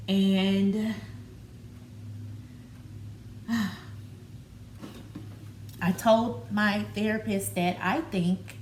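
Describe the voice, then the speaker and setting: A woman speaks in a candid personal vlog, halting and open, leaning on fillers. Her voice sits at a middle pitch. The room is echoey, with a faint background hiss. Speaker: vlogger. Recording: roomy with faint background noise.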